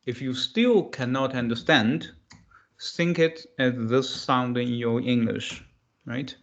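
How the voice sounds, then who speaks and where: Slow, deliberate male language teacher. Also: muffled recording. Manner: slow and deliberate, repeating syllables with pitched emphasis. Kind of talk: online pronunciation lesson.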